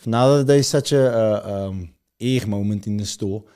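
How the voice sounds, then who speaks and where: Upbeat South African podcast host. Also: male voice, lowish voice, measured pace, warm tone, smooth. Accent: Cape Town South African. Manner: rambling, upbeat, addresses the audience directly. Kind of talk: casual chat.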